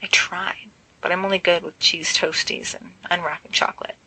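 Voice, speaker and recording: A woman's voice: lowish voice, fairly even intonation, normal speed, bright, forceful tone, husky, heavily acted, low-quality recording. A woman voicing a young man in a storybook reading, with dry, self-mocking quips. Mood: wry. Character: young man, teasing and wry.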